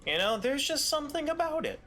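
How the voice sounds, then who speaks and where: This man's voice is very high-pitched, with big pitch swings, a sharp tone, and a slightly fast pace; there's slight background noise. Streaming a game, he chats casually, rambling and stumbling through fillers and restarts.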